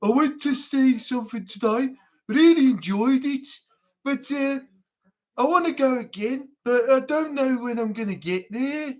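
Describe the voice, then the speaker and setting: Bored Birmingham speaker mimicked by a woman, flat, unenthused delivery. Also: sits high, measured pace.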